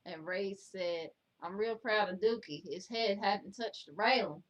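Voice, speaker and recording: A woman reads viewer comments aloud as co-host. She talks in sassy, scolding banter at a medium pitch. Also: measured pace. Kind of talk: casual chat.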